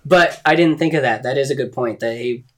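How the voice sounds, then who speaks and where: A man's voice: medium pitch, brisk, a bit bright. Laid-back profane man talking movies. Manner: loose, profane, laughing, puts on voices. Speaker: podcast co-host. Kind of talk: casual movie discussion.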